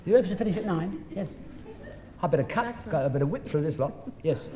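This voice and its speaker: A man's voice: a little high, lively intonation, brisk, dull audio, a crowd in the background. Middle-aged male actor, chatty storytelling on stage, stage mic, echoey hall. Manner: chatty, storytelling, with asides and chuckles. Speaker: actor telling stories on stage. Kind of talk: anecdotal stage talk and poem reading. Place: hall with a live audience. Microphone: stage microphone. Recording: echoey hall, faint noise.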